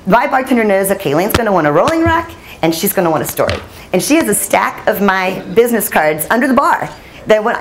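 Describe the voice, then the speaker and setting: A woman journalist telling stories at a storytelling summit, lively and laughing, acting out the voices she quotes. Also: medium pitch, slight background noise. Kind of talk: animated storytelling talk. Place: conference hall.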